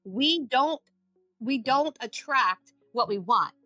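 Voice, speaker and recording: A woman with a bright, forceful voice and a fairly high pitch speaks as a guest on a casual podcast. She tells animated stories and acts out her own inner voice, swearing freely. The recording is dry and close, with faint music underneath. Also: takes it slowly, no echo. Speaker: addiction recovery expert and podcast guest.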